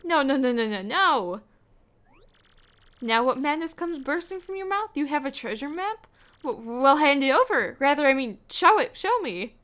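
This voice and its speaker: A woman's voice: high-pitched, animated, normal speed, a bit bright. A woman voicing a flamboyant, vain male merchant trader from a video game, with grand, theatrical delivery. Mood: indignant. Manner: grandiose, theatrical, dramatic exclamations. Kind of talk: reading game dialogue aloud.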